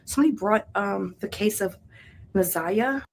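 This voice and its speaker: A woman running a spirit box session, talking to camera in a halting, soft-spoken, earnest way with frequent hesitations. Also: medium pitch, breathy edge. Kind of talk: casual talk to camera.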